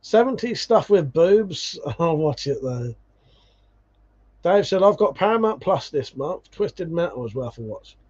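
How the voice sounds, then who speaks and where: A man hosts a livestream, chatting casually as he reads viewer comments and drops swear words. He calls people mate along the way. His voice sits a little high, and the stream audio is dull and lo-fi. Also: big pitch swings, unhurried, a little mellow, slightly rough. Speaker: livestream host.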